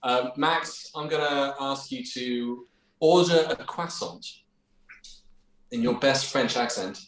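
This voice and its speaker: A man's voice: medium pitch, takes it slowly, fairly bright tone. A man hosting a casual panel chat, laughing often and swearing casually. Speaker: host. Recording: roomy echo.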